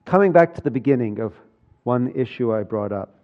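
A man's voice: medium pitch, lively intonation, fairly quick, highs cut off. A man preaching a sermon, earnest and building to urgent, emphatic passages. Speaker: pastor.

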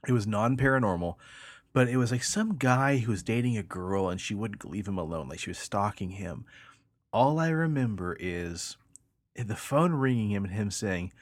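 Low-voiced male co-host, profane storyteller, dry sound. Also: expressive, normal speed, no echo. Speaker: podcast co-host. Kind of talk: casual storytelling chat.

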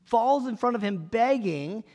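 A man's voice: very high voice, lively intonation, unhurried, darkish tone, in a large hall. A man preaching a conversational sermon, reading scripture and asking his listeners questions in a casual way. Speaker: pastor.

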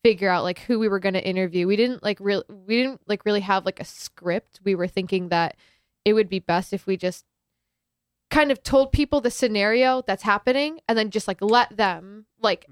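A young woman chats about making a film, piling on fillers as she talks. Her voice is smooth and resonant. The recording is dry, with no room sound. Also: medium pitch, moderate pace, dry recording. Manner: chatty, many filler likes, animated retelling. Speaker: student filmmaker guest. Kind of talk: casual interview chat.

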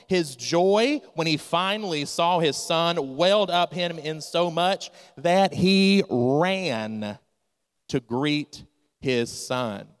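A man's voice: on the high side, takes it slowly, smooth, long reverb tail. A man preaching a sermon, telling a story and acting out its characters' lines. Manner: storytelling preacher, acts out quoted dialogue. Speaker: pastor.

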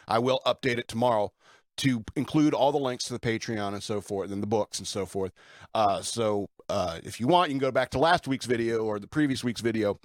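A podcast host with a mid-range voice rambles through his own show in an irreverent, casual monologue. His talk is full of fillers and chuckles. The recording is studio quality, with no echo.

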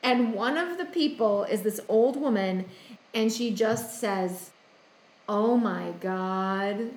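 A woman's voice: on the high side, animated, unhurried, a little mellow, roomy sound. A woman co-hosting a casual chat, recapping a film in a rambling way with many ums and quoted asides. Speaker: podcast co-host recapping a film.

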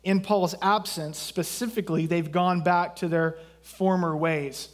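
High-voiced preaching man from Texas. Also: fairly even intonation, measured pace. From southeast Texas. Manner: conversational preaching with jokes and asides. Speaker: pastor. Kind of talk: sermon.

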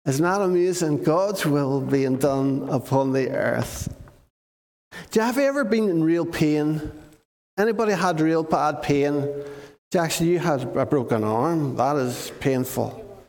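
Lively man preaching in an echoing hall. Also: a little high, a little slow. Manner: animated, asks the listeners questions. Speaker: preacher giving a children's talk. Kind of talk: lively storytelling sermon to children. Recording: long reverb of a large hall.

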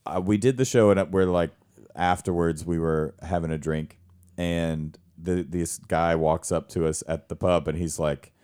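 A man, a stage actor and director, chatting casually and telling animated stories with frequent laughter. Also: low-pitched, unhurried, clear, resonant tone. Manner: animated storyteller, laughs often. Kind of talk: casual conversation.

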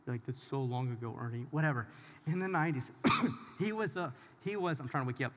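A man's voice: medium pitch, fairly quick, a bit bright. A man preaching a conversational sermon as pastor, talking straight to the audience in an informal, emphatic way. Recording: long hall reverb.

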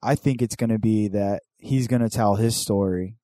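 A man co-hosting a casual chat, swearing often and teasing his friend in an excitable way. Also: fairly low pitch, moderate pace, no room sound. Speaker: podcast co-host.

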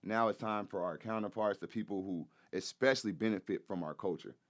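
A man's voice: on the low side, fairly quick. A man talking as a guest on a casual podcast, emphatic and profane, who repeats points and keeps checking in with "you know what I'm saying". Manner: profane, loose slangy delivery. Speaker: guest, rapper and activist.

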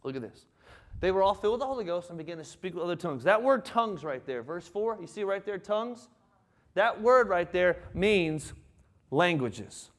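High-voiced folksy Southern preacher. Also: male voice, normal speed. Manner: folksy, animated preaching with playful impressions. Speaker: pastor. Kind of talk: sermon.

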